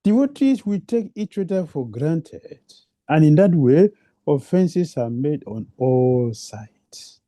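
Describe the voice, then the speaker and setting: A man's voice: fairly high pitch, sing-song, slow pace, dark tone, no room sound. A man giving a devotional lecture, repeating phrases for emphasis and asking rhetorical questions, in non-native English phrasing. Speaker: preacher.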